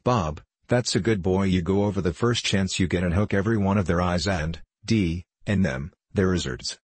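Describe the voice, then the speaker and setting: A man's voice: low-pitched, moderate pace, slightly rough, no echo. A man doing a growling, bad-tempered foreman. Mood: irritable. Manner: growling, curt. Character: gruff, overworked, bad-tempered print shop foreman.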